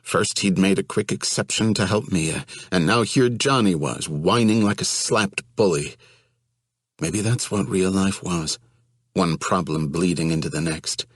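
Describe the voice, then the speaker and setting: A man reading an audiobook in a steady, even storytelling manner. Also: low-pitched, unhurried, slightly rough, no echo, studio quality. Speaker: audiobook narrator. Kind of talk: audiobook narration.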